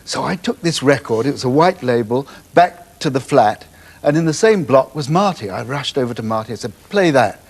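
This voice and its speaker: A man's voice: medium pitch, moderate pace, breathy edge. An older man, a television producer guest on a chat show, telling anecdotes animatedly and acting out the voices of the people he quotes. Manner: animated, acts out quoted voices, laughs often.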